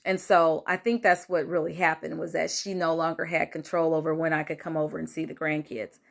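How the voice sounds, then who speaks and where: A woman's voice: brisk, vocal fry. Grandmother talking through a family fight, chatty, lots of ums, voice jumps up when she quotes people. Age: older. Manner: animated, acts out quoted lines with rising pitch, many fillers. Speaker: host sharing a personal story. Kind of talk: casual storytelling monologue.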